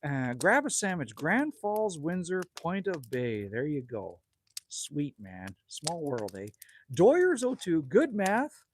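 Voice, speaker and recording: Sitting by a campfire outdoors, a middle-aged Northwest Territories man hosts a casual livestream, reading chat and trading blunt jokes with viewers. His voice is a little high, with huge pitch swings and a slow pace, and there's slight hiss or hum.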